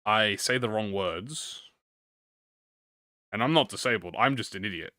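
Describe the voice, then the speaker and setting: A man livestreams, chatting casually and encouragingly with viewers in slang while reading a story aloud, often stuttering and restarting. His lowish voice is unhurried, bright and forceful, captured in dry, studio-quality sound.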